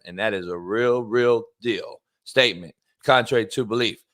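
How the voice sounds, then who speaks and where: A man's voice: on the low side, fairly bright tone. A man hosting a sports talk show, brash and profane, reading sponsor spots and stretching words out for emphasis. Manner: brash, profane, shifts between drawn-out emphasis and quick bursts. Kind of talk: loud casual sports talk with ad reads.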